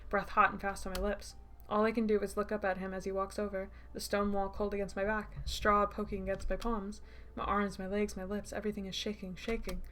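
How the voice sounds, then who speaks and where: A woman's voice: medium pitch, a little hiss or hum. A woman streamer reading a visual novel aloud, breaking in with wry, laughing asides. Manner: wry asides, laughing reactions, expressive narration.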